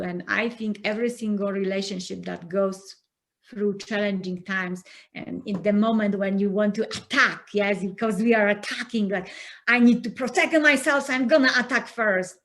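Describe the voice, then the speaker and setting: Woman guest on an interview show, earnest coach vibe, medium pitch, acts out little arguments. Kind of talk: conversational interview.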